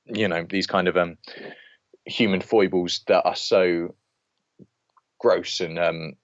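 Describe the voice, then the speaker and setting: A man's voice: low-pitched, steady tone, slow, no room sound. A man co-hosting a podcast, giving an opinionated film review in casual chat and ranting with many restarts. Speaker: podcast co-host. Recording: dull lo-fi podcast audio.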